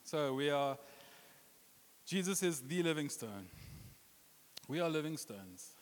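A pastor delivers a sermon in a church hall before a congregation, joking playfully and adopting put-on voices and accents for quotes. He speaks slowly and animatedly in a fairly high voice, with long reverb from the hall.

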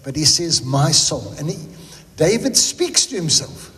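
A man's voice: fairly high pitch, sing-song, normal speed, sharp tone, big-room sound. A South African man preaching a sermon in a chatty, joking manner, drifting into tangents. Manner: humorous, conversational, goes off on tangents. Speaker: pastor.

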